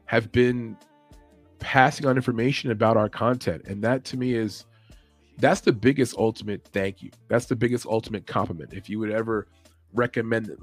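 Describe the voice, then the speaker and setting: A man's voice: fairly low pitch, steady tone, normal speed. Rambling man on a late-night stream. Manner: loose and rambling, swears freely; mimics commentators with sudden yells and whispers. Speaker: podcast host. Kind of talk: casual livestream chat. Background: faint music playing.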